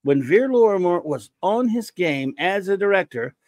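Here an excitable man hosts a podcast, chatting casually through listener reviews with jokes and the occasional shout. His voice runs slightly high for a male, delivered at normal speed. There's no room echo; the audio is dry.

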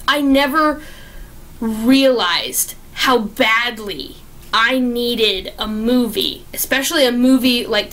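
A young woman giving a casual, gushing spoken movie review, excitable and full of restarts. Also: on the high side.

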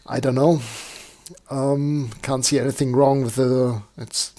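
A man with a croaky, slightly hoarse voice, walking through a software demo live and thinking aloud with lots of fillers. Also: medium pitch, little pitch movement, unhurried. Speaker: software tutorial presenter. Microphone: desktop microphone.

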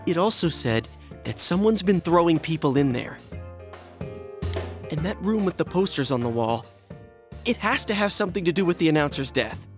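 A man's voice: a little high, lively intonation, moderate pace, pauses often, music in the background, lightly acted. A man voicing an earnest, determined teenage schoolboy in a video game, talking urgently. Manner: urgent, earnest, talks things through. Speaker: voice actor.

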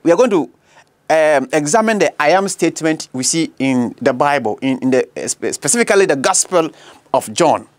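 A man's voice: fairly high pitch, animated, moderate pace. A man with a Ghanaian accent preaching Christian apologetics, emphatic and prone to repeating his declarations for force. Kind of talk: apologetics preaching mixing English and Akan.

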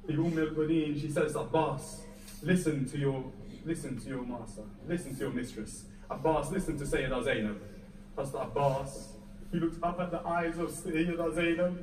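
Emotional high-voiced man in an echoey hall. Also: steady tone, normal speed, background noise. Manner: emotional, rising to near-wailing at peaks. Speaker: lecturer reciting Masa'ib. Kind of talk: Muharram majlis lecture with narrated story. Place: mosque or community hall. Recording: echoey hall, mic heard from a distance.

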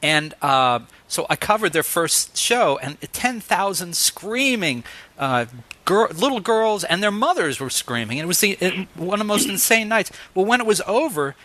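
A man in his fifties hosts a relaxed interview, his voice bright and forward with a slightly high pitch. He tells stories with animated energy and laughs often. The talk is casual and chatty. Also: normal speed. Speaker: host.

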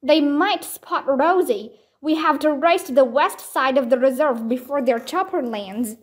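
A woman's voice: high-pitched, expressive, unhurried. A woman reading as a firm female ranger.

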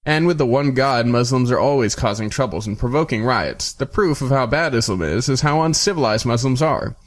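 A man's voice: mid-range voice, expressive, fairly quick, close to an everyday voice. A man voicing a scornful, blunt Hindu pandit who dismisses rivals in an audiobook reading.

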